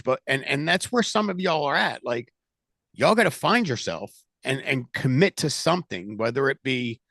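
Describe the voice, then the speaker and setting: A man's voice: a little high, vocal fry, a bit bright, dry recording, studio quality. A man leading a sales team call, giving a direct, motivational pep talk to his agents over a video call.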